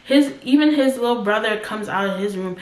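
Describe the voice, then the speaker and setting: A woman's voice: fairly high pitch, brisk. A woman in her twenties telling a personal story as a casual storytime vlogger, talking in loose run-on sentences full of "like". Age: 20s. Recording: roomy echo.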